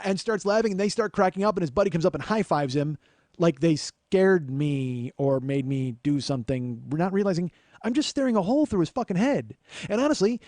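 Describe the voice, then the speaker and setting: A man with a fairly high voice tells a comic story in a sardonic, swearing rant. The sound is dry and close, with no room echo. He is a podcast host. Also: lively intonation, fairly quick, dark tone. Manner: profane, sardonic, ranting. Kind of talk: comedic storytelling monologue.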